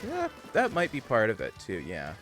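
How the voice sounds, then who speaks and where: A man's voice: on the low side, huge pitch swings, moderate pace, fairly bright tone, faint music behind. A man chatting casually with his stream viewers, rambling and thinking aloud as he plays. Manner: chatty, digressive, muses about pronunciation. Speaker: livestream gamer.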